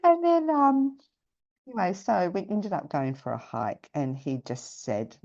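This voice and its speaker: A woman's voice: mid-range voice, expressive, unhurried, mellow, lo-fi sound. A middle-aged woman from New Zealand, a podcast guest telling a story in a chatty, rambling way with many restarts. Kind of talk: casual storytelling chat.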